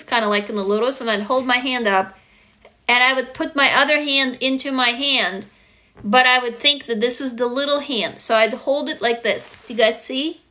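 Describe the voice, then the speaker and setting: A woman's voice: fairly high pitch, bright, forceful tone. A woman hosting a casual self-help livestream, talking earnestly and emotionally straight to her viewers, now and then swearing. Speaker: livestream host. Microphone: phone.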